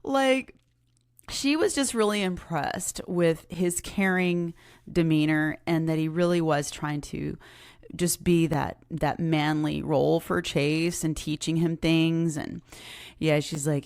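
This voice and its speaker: A woman hosting a podcast, telling a personal story in a chatty, animated way, often laughing and acting out what people said. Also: low-pitched, takes it slowly, no room sound, clean studio sound. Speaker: podcast host. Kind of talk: casual storytelling.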